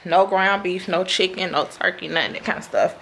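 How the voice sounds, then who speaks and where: A woman's voice: lowish voice, fairly quick, fairly bright tone, slight background noise. Chatty woman vlogging from home. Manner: chatty, colloquial, keeps calling viewers "y'all". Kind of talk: casual chat to camera. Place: at home, in the kitchen.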